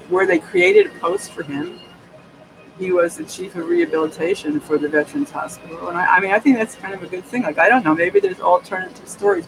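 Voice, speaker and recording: A high-pitched, gravelly male voice comes through against a noisy background with music playing. He's a vlogger from New York State talking to his camera at home in a casual, rambling monologue full of digressions, restarts and frequent laughs, recorded on the camera's mic.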